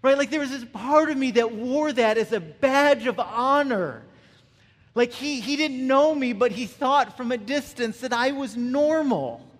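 A male pastor giving a conversational sermon, often checking in with the listeners with a quick "right?". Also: very high voice, big-room sound. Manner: conversational, frequent "right?" asides.

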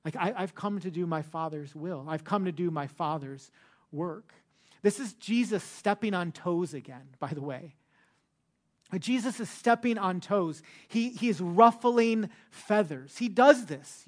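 A man pastor preaching a sermon in a conversational, emphatic way, often repeating phrases and saying "like". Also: high voice.

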